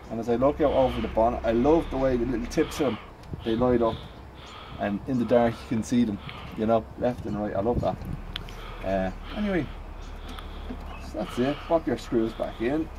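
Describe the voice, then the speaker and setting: This classic car hobbyist has a medium-pitched voice and a Dublin accent, being from North County Dublin, Ireland, and there's background noise. Standing outdoors by a house in the cold, he chats and rambles through a car repair how-to, poking fun at himself and wandering off on sidetracks.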